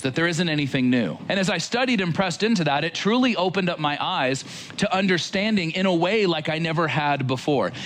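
A man preaching in a relaxed, talk-to-you-directly way, his voice a bit higher than most men's. His pitch swings widely as he makes each point, and he keeps the tone casual while teaching from scripture. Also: a little hiss or hum. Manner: animated, conversational, addresses listeners directly. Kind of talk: casual sermon-style Bible teaching.

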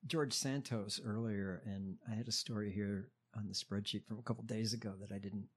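A man's voice: fairly low pitch, steady tone, a little fast, slightly rough. A man co-hosting a casual comedic podcast, reading news stories from notes with frequent fillers and restarts.

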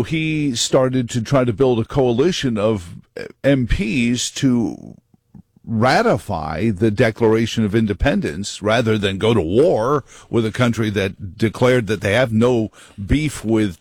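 A man hosts a talk radio show from a studio, dropping wry jokes into a long monologue. His voice sits a little low and comes through dry and close on the mic. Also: darkish tone, no room sound. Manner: wry, joking asides.

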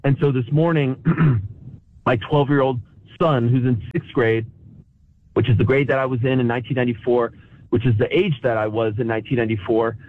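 A man's voice: medium pitch, steady tone, fairly quick. A man in his forties from Canada, calling in to a show and talking with emotion, full of restarts. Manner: emotional, restless, many restarts. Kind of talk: casual chat. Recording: tinny phone line.

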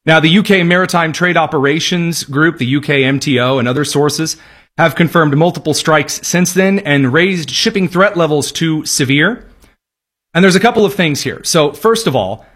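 A man's voice: on the high side, moderate pace, a bit bright. A man hosting a political commentary show, delivering the news with wry, sarcastic, mock-folksy asides. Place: studio, also aired on radio.

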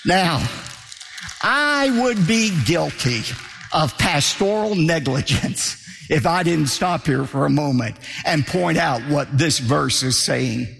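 A man's voice: a little high, expressive, takes it slowly, gravelly, a bit bright, long reverb tail, soft background music. A man preaching a sermon as pastor, emphatic and driving his points home by repeating key phrases.

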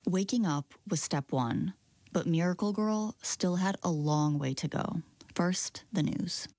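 Woman, radio presenter, very low pitch, dry studio sound, calm scripted narration. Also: no echo. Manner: calm, measured storytelling. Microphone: studio microphone.

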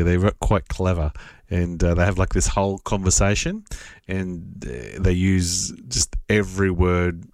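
A man giving a patient, casual spoken lesson, repeating words slowly and spelling them out. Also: sits low, no echo, studio quality. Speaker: Italian language teacher.

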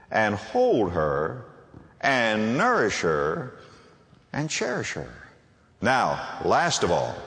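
A man preaching a sermon to a congregation, emphatic and quick to ask them rhetorical questions. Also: mid-range voice, fairly bright tone, long reverb tail.

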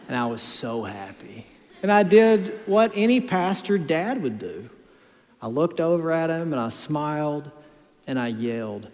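A man in his thirties preaching a sermon as pastor, moving between quiet storytelling and loud, emphatic exhortation. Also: medium pitch, normal speed, in a large hall.

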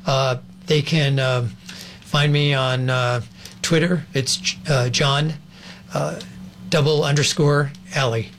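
A man's voice: mid-range voice, fairly even intonation, takes it slowly, fairly bright tone, a little hiss or hum. A man speaking as a guest on a talk show, urgent and insistent, asking pointed rhetorical questions. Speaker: guest, advocacy group organizer. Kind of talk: interview talk.

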